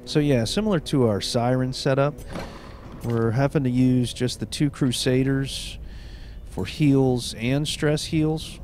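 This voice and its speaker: A man hosting a let's play video, stuffed up from a cold, talking in a relaxed, chatty way with plenty of fillers. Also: mid-range voice, unhurried, a little hiss or hum. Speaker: gaming video host.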